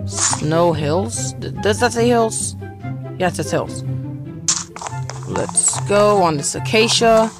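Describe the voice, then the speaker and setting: A man's voice: high-pitched, slow pace, pauses often. A man hosting a gaming video, chatting casually and reacting aloud as he plays. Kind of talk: casual gameplay commentary. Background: game music.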